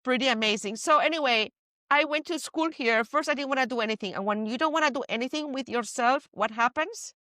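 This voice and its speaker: A woman from Spain with a Spanish accent, hosting a podcast and telling stories in an animated, playful way. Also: sits high, brisk, no room sound, clean studio sound. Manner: animated storyteller, playful asides. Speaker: podcast host. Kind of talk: casual chat.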